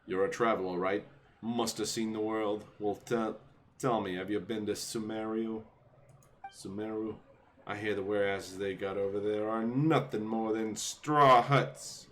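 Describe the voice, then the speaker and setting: A man's voice: fairly low pitch, fairly even intonation, measured pace, fairly bright tone, a little hiss or hum. A man doing a swaggering gangster dock guard. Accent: put-on Italian-American gangster. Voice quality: swaggering, threatening, bragging. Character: boastful tough-guy male dock warehouse guard. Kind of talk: reading game dialogue aloud. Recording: game music behind. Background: video game music.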